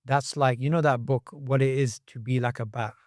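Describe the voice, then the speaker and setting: A man on a podcast as a guest, talking with animation and acting out quoted voices with sharp jumps in pitch. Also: steady tone, normal speed, dry recording, studio quality. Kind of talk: podcast conversation.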